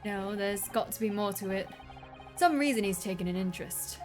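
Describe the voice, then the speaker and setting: A woman's voice: mid-range voice, normal speed, soft background music, natural voice. Woman reading as scornful grumbling police inspector. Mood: gruff. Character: brusque middle-aged male police inspector.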